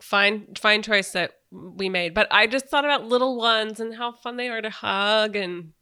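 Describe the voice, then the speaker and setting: Bright, enthusiastic female podcast host with a smooth, clear voice. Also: mid-range voice, normal speed. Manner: enthusiastic, gushing. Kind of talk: casual conversation.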